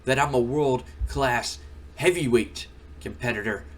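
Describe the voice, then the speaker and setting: A man's voice: mid-range voice, unhurried, slight background noise, natural voice. A man voicing an arrogant male wrestler who complains indignantly. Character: arrogant male wrestler, whining, self-important.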